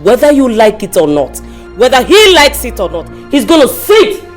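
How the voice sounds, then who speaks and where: A woman's voice: on the high side, huge pitch swings, moderate pace, soft background music. An actress with a Nigerian accent playing a fierce royal mother who scolds and insists her son will take the throne. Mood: defiant. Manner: defiant and scolding. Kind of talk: Nollywood film acting.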